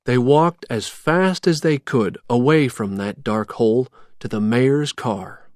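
Storybook narrator, slow and lively in pitch, dry close mic. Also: no room sound. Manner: slow, clear, expressive reading. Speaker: audiobook narrator. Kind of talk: graded reader storybook narration.

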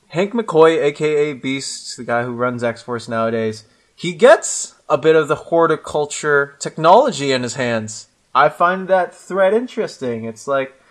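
A man co-hosting a casual comic book podcast, upbeat and chatty as he recommends his favorite parts. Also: medium pitch. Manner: upbeat, chatty, slips into playful character voices. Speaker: podcast co-host.

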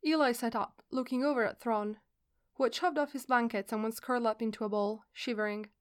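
Brief: woman reader, smooth and a little high, steady fan fiction narration. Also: fairly quick.

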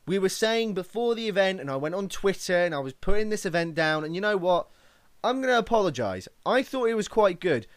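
A man with a high, bouncing voice argues and mocks his co-host in a casual chat. He swears freely and keeps pushing his point. The sound is dry and close. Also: sing-song, brisk, no room sound. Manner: argumentative, mocking, swears freely. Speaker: wrestling podcast co-host.

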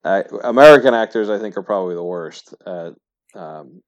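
A podcast co-host chats casually, talking emphatically and offering strong opinions. He has a low voice with lively intonation and speaks at a normal speed, and the recording has a dull lo-fi sound.

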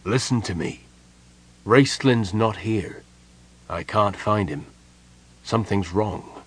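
A man voicing the desperate ghost of a big-hearted father, speaking in a hoarse, dreadful whisper. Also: fairly low pitch, slow pace.

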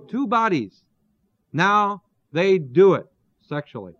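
Guy teaching bible verse by verse, slow and deliberate, asks rhetorical questions, muffled dry audio. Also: high-pitched, very animated, fairly bright tone, dry recording. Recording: dull, lo-fi dry recording.

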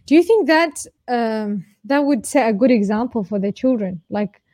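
Woman interviewer, soft hesitant questions, mellow higher voice, dry close sound. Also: lively intonation, normal speed, no echo. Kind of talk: conversational interview.

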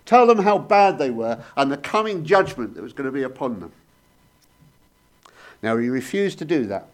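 Lively, storytelling male preacher. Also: mid-range voice, moderate pace. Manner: storytelling, animated rises and sudden soft drops. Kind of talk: sermon.

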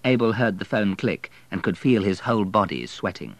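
A man narrating an audiobook in a low, steady voice. His reading is measured and even. The recording is dry, with no room sound. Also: no echo. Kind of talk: scripted narration.

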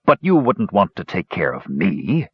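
Brutish swordsman voiced by a man, deep, short-tempered, scheming, husky, slightly muffled. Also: huge pitch swings, unhurried, dry recording, exaggerated voice. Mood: fake sweet. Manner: snapping, then fake sweetness.

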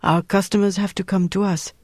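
Male narrator doing a guarded older French lady, quiet, restrained, dry sound. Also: sits high, level tone, a little fast, dry recording. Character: proud, guarded French woman of fifty.

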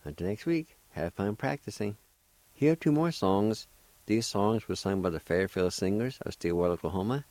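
A man hosting a radio language lesson, speaking deliberately and spelling out words syllable by syllable. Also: fairly low pitch, animated, a little mellow, no room sound. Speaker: radio host teaching a language.

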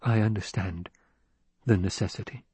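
A man voicing a tense, grieving young mother in an audiobook reading, speaking quietly and with restraint. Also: on the low side, fairly even intonation, moderate pace, breathy edge, no room sound. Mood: strained.

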